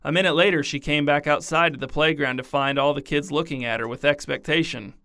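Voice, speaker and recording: A man narrating a story in a deadpan, scripted reading. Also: fairly high pitch, fairly quick, no room sound, studio quality.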